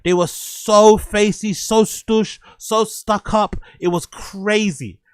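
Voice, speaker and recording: A man hosting a live stream, giving casual commentary that is animated, repetitive and full of swearing and laughter. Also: high-pitched, slow pace, smooth, no echo. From London. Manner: animated, swears freely, laughs often, repeats phrases. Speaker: streamer host.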